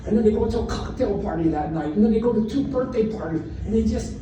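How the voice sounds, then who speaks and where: A man's voice: sits high, fast talker. Blunt man telling stories in an echoey hall. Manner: blunt, animated, acts out his own shouting. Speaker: comics creator speaking on a convention panel. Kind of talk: anecdotal storytelling to a live audience. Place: large convention hall panel. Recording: echoey hall, distant from mic, faint noise.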